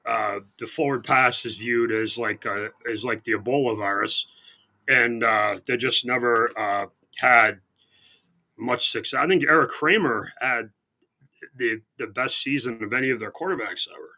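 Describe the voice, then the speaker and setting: Sports radio guy rambling about football, bright sharp voice, sarcastic asides. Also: medium pitch, moderate pace. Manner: rambling, sarcastic, many restarts. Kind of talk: casual sports radio chat. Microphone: remote call-in line.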